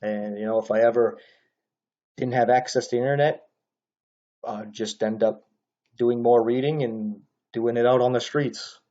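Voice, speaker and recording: A man talks his way through a casual commentary, rambling and restarting his sentences, padding them with "uh" and "you know." His voice is mellow and relaxed. The recording is dull and lo-fi. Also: mid-range voice, normal speed, long pauses. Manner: rambling, frequent fillers and restarts.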